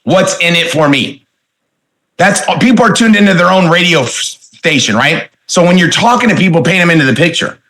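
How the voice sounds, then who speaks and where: A man's voice: high voice, animated, brisk, fairly bright tone, low-quality recording. A man in his forties giving a motivational sales training talk, emphatic and full of rhetorical questions, stretching key words for inflection. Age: 40s. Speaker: network marketing speaker trainer.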